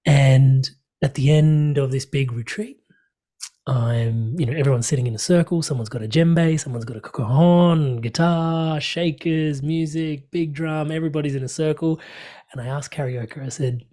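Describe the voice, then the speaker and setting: A man, a podcast guest, telling a personal story in conversation, animated and laughing often. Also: fairly high pitch, moderate pace. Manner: animated, laughs often, acts out quoted dialogue.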